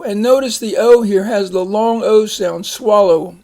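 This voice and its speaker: A man teaching a phonics lesson, slowly reading words, splitting syllables and giving example sentences. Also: high voice, a little mellow. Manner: slow, deliberate, repeats each word and splits syllables.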